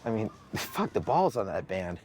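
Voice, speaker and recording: A man's voice: on the low side, sing-song, moderate pace, darkish tone. A man who runs a record label tells stories in a documentary interview. He swears freely and acts out the voices of the people he quotes.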